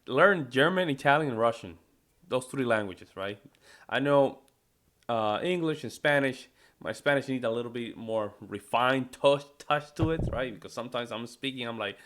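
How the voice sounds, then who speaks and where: American guy, reaction host, mid-pitched, rambling, casual commentary. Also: expressive, moderate pace, a bit bright. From United States. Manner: loose, repeats himself, ends lines with "man" and "right?".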